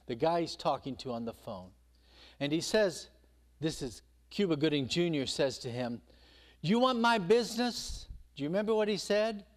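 A male preacher delivers his sermon as an animated story. His voice sits high and leaps up and down, and he throws himself into the quoted lines.

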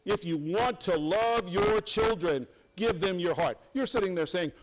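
Older male preacher, high-pitched, emphatic folksy sermon delivery. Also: moderate pace, hardly any pauses, a little hiss or hum, low-quality recording.

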